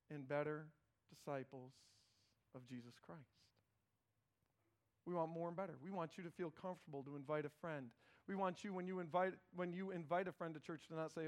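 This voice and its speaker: A middle-aged man with a voice on the high side preaches a sermon as a pastor. His style is animated and conversational, with words often repeated as phrases begin.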